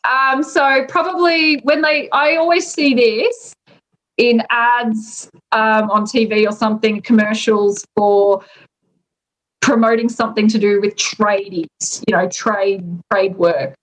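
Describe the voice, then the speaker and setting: A woman's voice: a little high, steady tone, slow pace, a bit bright, low-quality recording. An Australian woman casually explaining slang expressions, chatty and laughing often between words.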